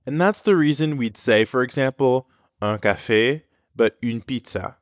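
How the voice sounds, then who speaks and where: A man co-hosting a scripted language lesson, explaining clearly. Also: mid-range voice, measured pace, dry recording, clean studio sound. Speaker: French teacher.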